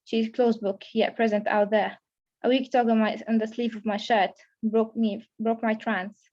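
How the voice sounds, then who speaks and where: A woman's voice: on the high side, darkish tone, dull audio. A young woman, a creative writing student, reading her own first-person fiction aloud steadily, with small restarts. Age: young adult. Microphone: video call.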